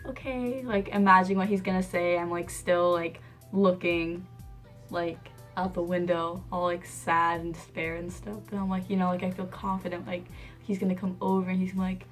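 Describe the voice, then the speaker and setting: A young woman tells a personal story straight to her viewers in an easygoing, chatty way. She is animated and slips into the other people's voices as she quotes them, laughing along the way. Faint background music sits behind her voice. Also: on the low side, normal speed. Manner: animated, acts out quoted dialogue, laughs often. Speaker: vlogger. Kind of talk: casual storytime.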